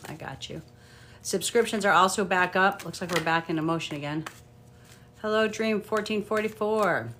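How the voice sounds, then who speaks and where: A woman's voice: medium pitch, normal speed, a bit bright, a little hiss or hum. A middle-aged woman reading tarot cards on a live stream, chatting casually, greeting viewers by name and muttering asides to herself. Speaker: tarot card reader.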